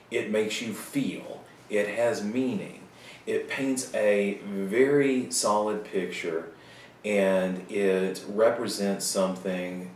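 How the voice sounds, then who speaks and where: A man giving a recorded writing lecture to students, casual and joking, with quick asides. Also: fairly low pitch, a little mellow, a little hiss or hum. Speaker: writing teacher. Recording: roomy sound from a distant mic.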